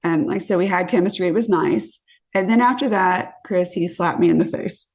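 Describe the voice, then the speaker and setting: This guest storyteller, a woman from California, speaks in a lowish voice at a brisk clip. She recounts a podcast story casually and with animation, voicing the people involved and swearing when the memory hits.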